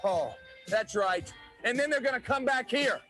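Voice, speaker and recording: A man's voice: very high voice, lively intonation, normal speed, a bit bright, soft background music, voice pushed up. A man playing a cocky young country-singer wrestler in a boastful, taunting promo vignette. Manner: boastful, taunting, spells out his name.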